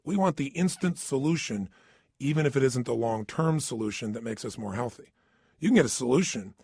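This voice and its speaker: Lively, husky middle-aged motivational speaker man. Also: mid-range voice, dry recording, studio quality. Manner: emphatic, questions the listener directly. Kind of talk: energetic motivational talk. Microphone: studio microphone.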